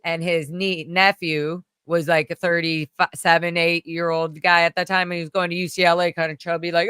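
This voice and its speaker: Storyteller woman from California, chatty and rambling, smooth voice, dry sound. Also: on the low side, normal speed, hardly any pauses, dry recording. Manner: rambling, animated, full of fillers, acts out voices. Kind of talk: casual chat, storytelling.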